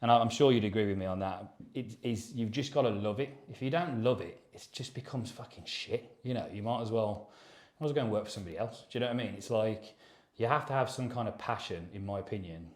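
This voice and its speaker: A man's voice: fairly low pitch, quick pace, a little mellow. A man in his thirties, co-hosting a podcast, chatting loosely and swearing as he rambles through his story. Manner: rambling, sweary and matter-of-fact. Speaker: podcast co-host. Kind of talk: casual chat. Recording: echoey room.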